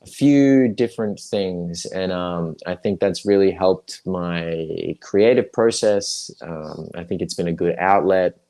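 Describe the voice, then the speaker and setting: A man's voice: low-pitched, slow, hardly any pauses, dark tone. A young adult man, a guest actor chatting casually on a livestream, rambling with lots of fillers and restarts.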